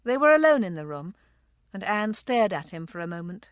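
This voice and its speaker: A woman narrating a romance audiobook in a measured, unhurried way. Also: medium pitch, big pitch swings, no room sound, clean studio sound. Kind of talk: scripted narration.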